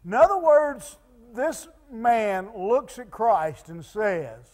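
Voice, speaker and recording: A man preaching a sermon as pastor, halting and repeating words with many fillers, dropping to soft pleading tones when quoting. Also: sits high, big pitch swings. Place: church sanctuary. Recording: long church reverb.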